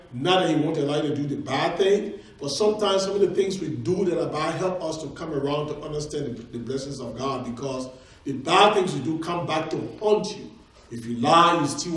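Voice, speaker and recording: A man's voice: on the high side, darkish tone. A man preaching a conversational sermon in a church, now and then acting out quoted exclamations. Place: church sanctuary. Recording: very echoey church sanctuary, mic at a distance.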